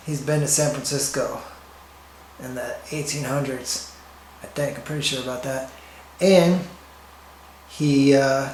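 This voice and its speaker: A man delivering a rambling, deadpan comic monologue, often interrupting himself. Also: on the high side, slight background noise. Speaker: comedian. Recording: roomy echo.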